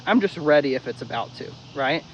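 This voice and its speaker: A man's voice: mid-range voice, animated, brisk, slight background noise, low-quality recording. A man who trains dogs, explaining correction step by step in a blunt, casual way. He swears freely and repeats key steps in a drill-like rhythm. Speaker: dog trainer. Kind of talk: casual instructional talk.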